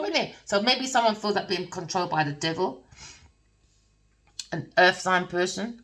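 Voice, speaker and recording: A woman with talks through a tarot reading, her pitch leaping around in a lively, sing-song way. She rambles and preaches in a blunt, casual manner, swears freely, and keeps checking whether you understand. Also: husky. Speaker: tarot reader. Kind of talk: casual spiritual monologue.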